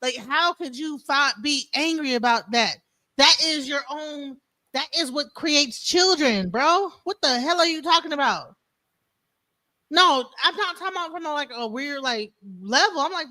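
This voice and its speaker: A woman co-host in casual chat, talking in an animated, slangy, exclamatory way. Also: high-pitched, normal speed.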